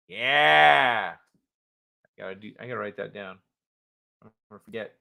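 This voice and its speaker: A man's voice: mid-range voice, normal speed, vocal fry, pauses often, bright, forceful tone. Rambling livestream host, a man. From United States. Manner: rambling, laughs often, reads chat aloud. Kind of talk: casual livestream chat.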